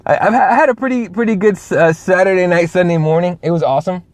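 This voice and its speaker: A man's voice: high-pitched, fast, no room sound. A man hosting a casual talk show, ranting bluntly and profanely, rambling with lots of restarts. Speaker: podcast host. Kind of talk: casual rant.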